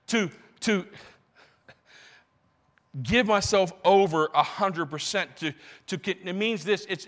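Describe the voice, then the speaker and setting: A male pastor preaching a sermon, animated, stumbling over restarts as he builds his points. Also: sits high, in a large hall.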